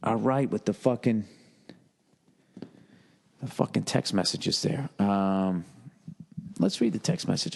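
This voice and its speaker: A man's voice: lowish voice, big pitch swings, takes it slowly, creaky, pauses often, darkish tone, big-room sound. A man hosting a solo podcast, rambling in a profane, sarcastic way. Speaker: podcast host, comedian.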